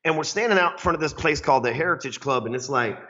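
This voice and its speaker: Profane, rambling man with a bright, forceful voice. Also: a little high, fast. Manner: profane, rambling, frequent "right?" tags. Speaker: sales coach. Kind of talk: casual storytelling talk. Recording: dull lo-fi recording.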